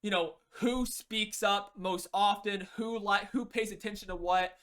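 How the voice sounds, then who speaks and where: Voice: medium pitch, steady tone, measured pace, fairly bright tone, clear, resonant tone. Rambling coach explaining team play. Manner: rambling, full of "you know" and restarts. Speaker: game coach. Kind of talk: casual spoken lesson.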